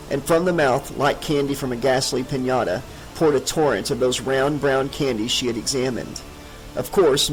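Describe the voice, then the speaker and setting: A man's voice: mid-range voice, low-quality recording. Man narrating a horror audiobook. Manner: steady, dramatic reading.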